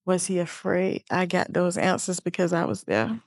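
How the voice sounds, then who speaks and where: Earnest middle-aged woman, heartfelt and low. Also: animated, moderate pace, creaky, no echo, clean studio sound. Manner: earnest, heartfelt, reflective storytelling. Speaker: interview guest, bereaved mother. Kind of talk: emotional personal interview.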